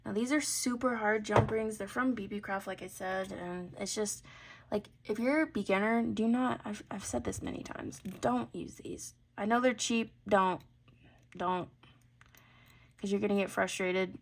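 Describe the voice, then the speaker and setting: A woman chatting casually through a bead necklace tutorial as she works at her desk mic, thinking aloud and trailing off into soft mutters. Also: mid-range voice, measured pace, creaky. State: has the hiccups. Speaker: jewelry-making channel host. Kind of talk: casual craft tutorial chat.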